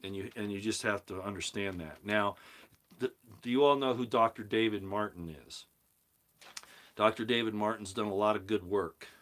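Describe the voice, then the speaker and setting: A man hosts a casual live commentary stream, rambling through a monologue and reading viewer comments. His voice is fairly low and a bit bright, with fairly even intonation at normal speed, and he often repeats and restarts words while pressing his points with rising emphasis.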